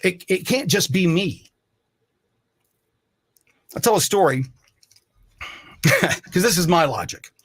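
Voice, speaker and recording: Man host, slightly high husky voice, animated, swears, restarts a lot. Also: takes it slowly, long pauses. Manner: profane, rambling with repeated restarts. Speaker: live-stream commentary host. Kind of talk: casual storytelling monologue.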